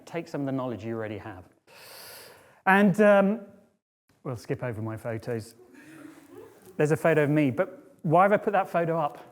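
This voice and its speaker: A middle-aged man giving a conversational storytelling talk on stage, often checking in with the audience. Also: a little high. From Britain. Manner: lively, conversational, checks in with "right?" and "okay?". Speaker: speaker. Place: auditorium stage.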